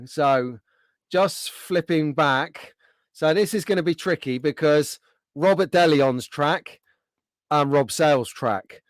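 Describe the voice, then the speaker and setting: A friendly man hosts a casual livestream and chats easily with his viewers. His voice sits a little high for a man. The sound is dry and close, with no room around it. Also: dry recording. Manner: chatty, friendly, reads out viewer comments. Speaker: livestream host.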